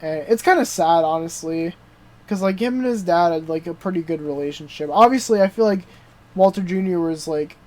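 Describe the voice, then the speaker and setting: A young adult man co-hosting a podcast, excitedly recapping a TV show in casual chat, full of swearing and "dude" and "like" fillers. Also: on the high side, a little fast. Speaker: podcast co-host.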